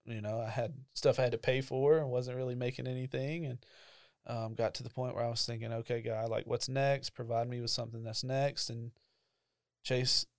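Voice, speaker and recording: A man's voice: mid-range voice, little pitch movement, normal speed, no room sound, clean studio sound. Young man telling his story. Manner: conversational storytelling with frequent fillers, emotional. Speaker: church ministry staff member. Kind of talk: casual personal testimony.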